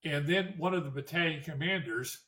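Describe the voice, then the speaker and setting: An older man recounts his war years to an audience, his voice sitting a touch high for a man. He circles back and repeats words for emphasis as he tells each story. The mic is set some way off from him. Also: fairly quick, sharp tone, recorded from a distance. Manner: storytelling, with restarts and emphatic repetition. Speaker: Vietnam War veteran speaker.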